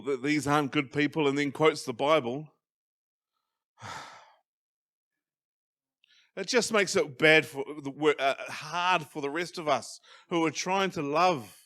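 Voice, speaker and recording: A man with a New Zealand accent preaching a sermon as pastor, emphatic, swinging from loud stresses to quiet asides. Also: on the high side, a little slow, long pauses. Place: church hall.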